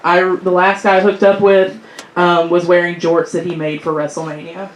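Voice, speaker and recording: A woman doing improvised stand-up in a small comedy club, brash and laughing, with loud bursts. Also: lowish voice, level tone, moderate pace. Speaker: stand-up comic. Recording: roomy club with crowd noise.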